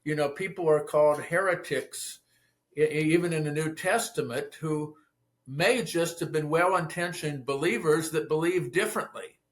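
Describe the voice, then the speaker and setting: Appearing as an interview guest, a theologian and pastor speaks thoughtfully in a voice on the high side at a normal speed. In this conversational interview, he often restarts his sentences and stammers.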